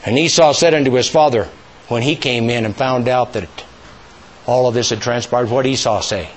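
A man preaching a sermon, emphatic and rising to near-shouts, leading call-and-response with his congregation. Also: medium pitch, moderate pace, a little hiss or hum.

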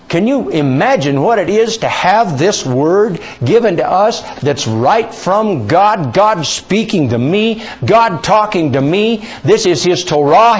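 Male pastor, lively and expressive sermon teacher, slightly higher voice, quizzes the congregation and repeats key words. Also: slightly rough. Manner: stretches scripture quotes out slowly.

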